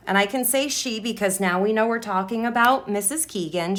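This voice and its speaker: A woman's voice: a little high, lively intonation. A woman teaching a writing lesson, modeling her sentences aloud and repeating words as she writes them down. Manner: slow, deliberate, repeats words while writing.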